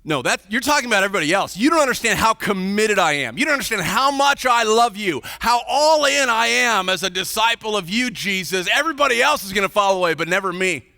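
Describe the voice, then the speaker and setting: A man's voice: high-pitched, lively intonation, fast, hardly any pauses, bright, forceful tone, dry recording, studio quality, voice pushed up, exaggerated voice. A male pastor putting on a proud, impulsive disciple who insists emphatically on his loyalty. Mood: insistent. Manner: emphatic, protesting.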